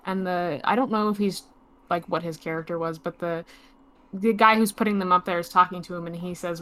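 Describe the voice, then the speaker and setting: A woman's voice: lowish voice, steady tone, fairly quick. Tentative woman discussing a movie. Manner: tentative, soft-spoken, quoting lines from notes.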